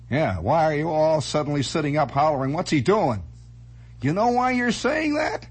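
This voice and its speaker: A man's voice: fairly high pitch, big pitch swings, normal speed, husky. A man hosting a radio monologue, rambling theatrically and making sound effects with his voice. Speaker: radio host. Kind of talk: late-night radio monologue. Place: radio studio.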